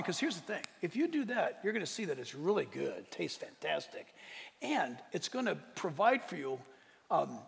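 A high-pitched man preaches with a lively, swooping delivery, mixing jokes into the sermon. His voice has a gravelly edge, and a long hall reverb trails each phrase. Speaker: pastor.

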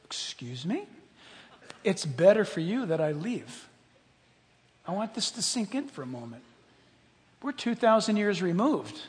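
A man preaching a sermon as a pastor, playful and animated, dropping to hushed asides and rising to shouts. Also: high voice, normal speed, long pauses. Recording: long hall reverb.

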